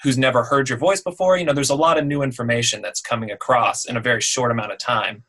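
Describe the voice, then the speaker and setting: A man gives easygoing, conversational advice about voiceover demos in a casual webinar Q&A. His voice sits in an ordinary middle pitch. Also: steady tone, fast talker, fairly bright tone. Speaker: voiceover demo producer.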